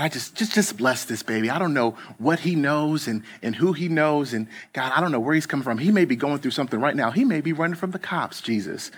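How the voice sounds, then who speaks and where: A sweet little old Southern church lady, put on by a man telling a story, praying in a hushed, earnest murmur. She speaks gently and fervently, a notch quieter than normal talk. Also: mid-range voice, husky, close to an everyday voice.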